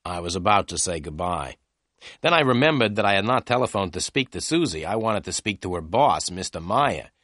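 A man narrating a detective story in clear, slow storytelling. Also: deep voice, very animated, a bit bright, no room sound, studio quality. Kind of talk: scripted narration of a graded reader.

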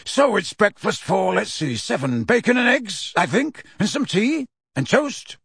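A man reading an audiobook, voicing a boisterous godfather who speaks loudly, then steadily and firmly. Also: high voice, sing-song, a little slow, gravelly, husky, dry recording, studio quality, voice pushed up, heavily acted. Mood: cheerful. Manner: hearty, then firm and reassuring. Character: adult male godfather, boisterous yet steady and firm.

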